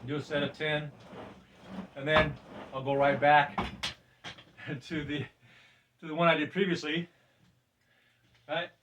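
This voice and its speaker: An older man walks through a weight routine in a home gym, chatting loosely and laughing often. His voice sits a little high and is caught from a few steps back from the camera mic. He breathes deeply between sets. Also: flat delivery, slow pace, long pauses, fairly bright tone, distant mic, slight background noise. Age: 60s. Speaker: fitness presenter. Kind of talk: casual workout demonstration.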